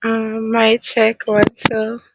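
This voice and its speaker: Higher-voiced woman joining a live panel. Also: monotone, slow pace, highs cut off, background noise. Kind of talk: casual live-stream chat.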